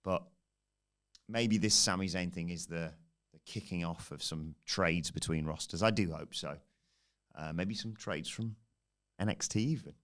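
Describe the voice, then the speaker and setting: A man's voice: sits low, measured pace, long pauses, a bit bright. A man hosting a wrestling podcast, giving a casual, rambling and jokey recap with self-deprecating asides.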